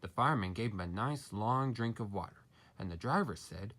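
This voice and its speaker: A man reading a children's railway story aloud, with expressive storybook narration. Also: fairly low pitch, brisk.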